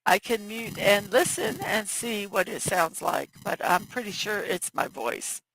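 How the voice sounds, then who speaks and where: A woman hosting a morning livestream in casual chat, her voice scratchy and hoarse, reading viewer messages aloud through a headphone mic. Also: mid-range voice, a little slow, a bit bright, dry recording. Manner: reads viewer chat aloud, chatty and apologetic. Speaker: morning show host.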